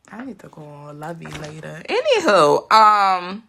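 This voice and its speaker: A woman's voice: fairly low pitch, vocal fry. A young adult woman giving a casual collective tarot reading to her viewers, chatty and blunt, swearing freely and laughing often. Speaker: tarot reader.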